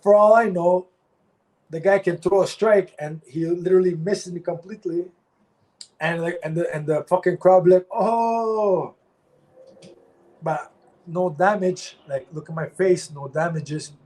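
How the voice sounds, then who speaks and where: Male ex-fighter guest, blunt and profane, slightly high voice, repeats himself when angry. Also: fairly even intonation, normal speed, darkish tone, rough recording. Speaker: former pro fighter, guest. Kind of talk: candid interview talk.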